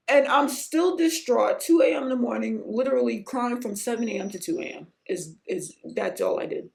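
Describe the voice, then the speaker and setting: A woman hosting her own podcast, telling a personal story in an earnest, emotional way that sometimes rises almost to a shout. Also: animated, fairly quick, gravelly, few pauses. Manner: emotional, earnest, rising to near-shouts at high points; breaks off to hush a pet in a low, quiet voice. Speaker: podcast host.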